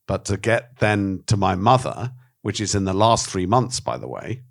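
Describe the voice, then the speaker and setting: A man with a very low voice speaks candidly in an interview. He tells stories with animation and swears freely. He acts out the voices of the people he quotes. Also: sing-song, normal speed, gravelly. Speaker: documentary filmmaker, interviewee.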